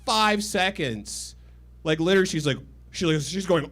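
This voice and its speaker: A man's voice: sits high, normal speed, a bit bright. A man doing a rambling, crude, self-deprecating stand-up set on a comedy stage with a handheld mic. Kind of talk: stand-up set, then casual chat. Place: comedy stage with live audience.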